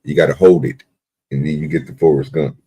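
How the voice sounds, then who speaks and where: Very deep husky man streaming. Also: fairly quick, warm tone. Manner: laid-back, rambling, slangy. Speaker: live stream host. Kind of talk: casual live stream chat.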